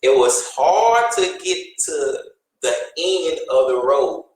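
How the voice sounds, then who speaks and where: A man on a discussion panel who speaks reflectively and haltingly, often restarting his sentences. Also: a little high, expressive. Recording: very echoey room.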